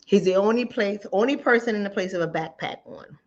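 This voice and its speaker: A woman hosting a channel, telling a personal story in animated, direct talk to ladies and fellas. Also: medium pitch, brisk. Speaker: relationship coach and channel host. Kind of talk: casual talk-to-camera commentary. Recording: dull lo-fi sound.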